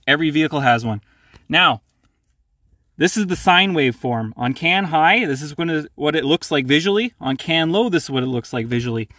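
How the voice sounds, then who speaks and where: A man's voice: fairly high pitch, fairly bright tone, no echo. A male mechanic hosting a casual, plain-spoken how-to tutorial from his garage. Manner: plain-spoken, hands-on, practical. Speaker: mechanic, channel host.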